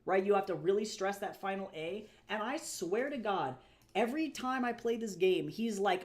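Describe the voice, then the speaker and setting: A woman's voice: medium pitch, animated, moderate pace. A woman streaming live as an artist, chatting casually with viewers, swearing freely and ranting with exasperation. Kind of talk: casual livestream chat.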